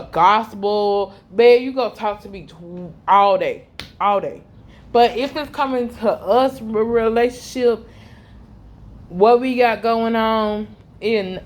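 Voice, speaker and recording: A young woman pours out a personal story. Her voice sits in a middle register, and she circles back over the same points again and again. Often her voice sinks low and soft as she trails off. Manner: heartfelt, repetitive, voice dropping low and quiet toward the end. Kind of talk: emotional personal testimony.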